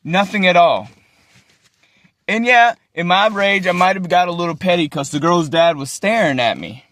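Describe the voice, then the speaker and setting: A man's voice: high voice, animated, fairly quick, a bit bright, no echo. A young man, ranting to his phone camera in an agitated, profane way and repeating himself. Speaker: vlogger. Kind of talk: emotional rant to camera.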